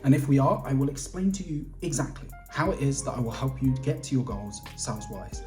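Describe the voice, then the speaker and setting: A man talking straight to camera as a sales coach, energetic and emphatic, with quick laughs and casual swearing between phrases. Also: mid-range voice, soft background music. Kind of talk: direct-to-camera vlog.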